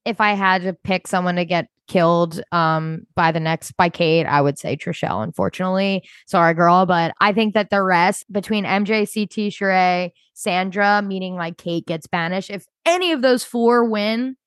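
A woman co-hosting a casual podcast chat, retelling scenes in an animated way and laughing often. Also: on the low side, moderate pace, hardly any pauses, clear, resonant tone, dry recording. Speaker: podcast co-host.

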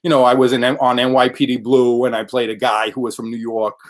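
A man in a casual interview, talking about his work as an actor. He rambles and restarts often and fills pauses with "um" and "uh". His voice sits in an ordinary middle range. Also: mid-range voice, level tone. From United States. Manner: chatty, rambling, frequent fillers. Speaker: actor guest.

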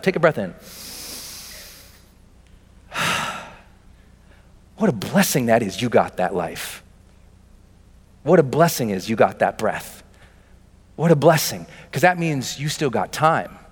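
A man giving a motivational seminar talk, emphatic and driving, building to shouts in repeated rallying phrases. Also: on the high side, slightly rough. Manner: emphatic, rising to shouts, repetitive rallying cadence. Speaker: motivational speaker. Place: large seminar hall with audience. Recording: echoey hall reverb with faint music.

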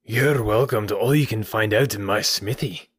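A man's voice: on the low side, normal speed, slightly rough, dry recording, studio quality. A man putting on a blustering, menacing country innkeeper. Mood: grudging. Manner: blustering and threatening. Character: surly, menacing rural male innkeeper. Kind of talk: audiobook character voice.

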